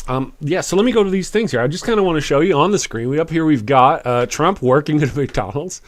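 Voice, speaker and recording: Animated wry man hosting a live stream. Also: on the high side. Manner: animated, chuckling, wry, quick after lots of coffee. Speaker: live-stream show host. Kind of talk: casual live-stream commentary, reading chat.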